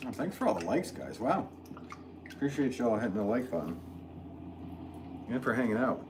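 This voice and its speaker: A man's voice: medium pitch, very animated, normal speed, long pauses, noisy background. A man with a Connecticut accent, chatting casually with viewers on a livestream from his pottery studio and answering comments with little laughs. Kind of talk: casual livestream chat while working.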